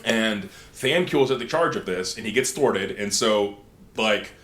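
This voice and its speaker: A man hosting a casual lore discussion podcast, telling stories in an animated way and slipping into quick character voices. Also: lowish voice. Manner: animated storytelling, acting out characters in quick asides. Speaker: podcast host. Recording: roomy echo.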